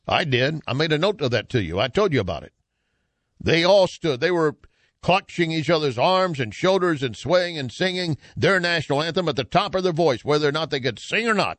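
A man's voice: on the high side, lively intonation, fairly quick, fairly bright tone, dry recording. A man hosting an opinion commentary show, speaking emphatically and reading passages from an article aloud. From United States.

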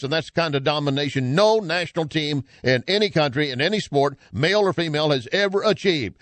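A man's voice: a little high, no echo. A man hosting an opinion commentary show, speaking emphatically and reading passages from an article aloud. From United States.

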